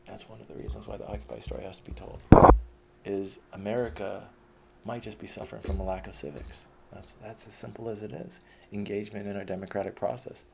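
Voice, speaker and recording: A man performing an autobiographical stage monologue, profane and animated, sometimes dropping to a hushed whisper. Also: on the low side, quick pace, gravelly, heavy background noise. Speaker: storyteller.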